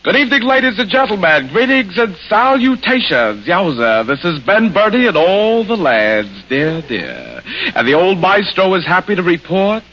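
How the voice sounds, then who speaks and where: A man's voice: high voice, very animated, normal speed, a little hiss or hum. A man impersonating a jaunty old-time bandleader with showman's patter, on an old radio broadcast. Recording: dull 1940s radio broadcast.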